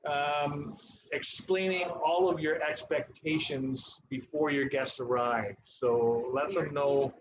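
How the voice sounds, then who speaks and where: Male chef, mid-pitched, easygoing teaching tone with many pauses; dull stream audio, audible background noise. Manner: relaxed, instructive, with frequent pauses. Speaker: chef and cooking instructor. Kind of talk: live cooking demonstration. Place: kitchen at a ski club.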